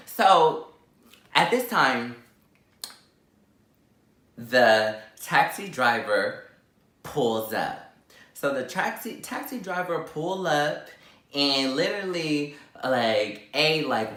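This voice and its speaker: A man tells a wild story to his camera, throwing himself into every quoted line with sudden jumps in pitch. His voice is bright and forward, and the room behind him echoes noticeably. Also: big pitch swings, a little slow. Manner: dramatic, acts out quotes with big pitch jumps. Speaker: vlogger. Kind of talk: animated storytime while eating.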